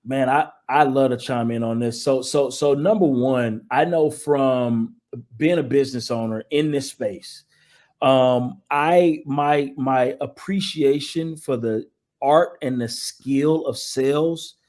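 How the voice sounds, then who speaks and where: A man who is an investor, a guest in a casual interview, with a smooth, cool late-night DJ voice. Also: mid-range voice, takes it slowly, a little mellow.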